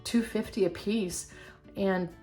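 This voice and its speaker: A woman's voice: medium pitch, fairly even intonation, takes it slowly, mellow, soft background music. Chatty older woman teaching a craft. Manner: chatty, self-deprecating, encouraging. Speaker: craft channel host. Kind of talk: casual craft tutorial.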